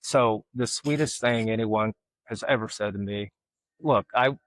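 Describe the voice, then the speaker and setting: A middle-aged man from Alabama, a guest artist telling folksy stories in casual conversation and getting lively when he quotes people. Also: lowish voice, a little slow, no room sound. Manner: folksy, animated when quoting others. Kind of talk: casual storytelling.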